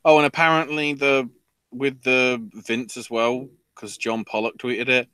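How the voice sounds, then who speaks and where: A man's voice: mid-range voice, fairly even intonation, normal speed, fairly bright tone, clear, resonant tone, no room sound. A man co-hosting a podcast, rambling through wrestling news in a casual chat full of fillers. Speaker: podcast co-host.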